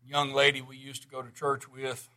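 A man's voice: mid-range voice, monotone, moderate pace, bright, forceful tone. A middle-aged man preaching a sermon, folksy and plainspoken, rising to emphatic bursts.

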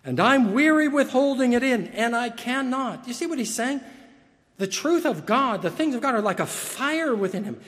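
A man's voice: very high-pitched, lively intonation, normal speed, a bit bright. A man preaching a sermon as pastor, earnest and emphatic, often repeating words as he restarts. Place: church sanctuary. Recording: long reverb of a large hall.

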